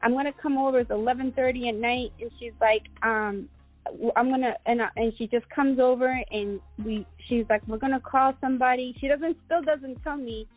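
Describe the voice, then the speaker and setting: A woman's voice: a little high, steady tone, moderate pace, no room sound. Middle-aged woman from Guatemala, interview guest, rambling story full of fillers, recorded over a tinny line with faint music behind. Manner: rambling, many fillers and restarts. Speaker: guest entrepreneur.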